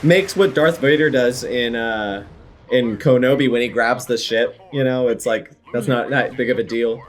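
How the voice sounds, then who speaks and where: A man's voice: mid-range voice, moderate pace. A young adult man co-hosting a reaction video, chatting casually and rambling with enthusiastic fan commentary. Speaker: co-host reacting to a cartoon. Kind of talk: casual chat.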